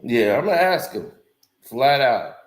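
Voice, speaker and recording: Male streamer, casual chat, mid-pitched, laughs often, echoey room. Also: lively intonation, measured pace. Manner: laid-back, laughs often, talks to viewers directly. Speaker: live streamer.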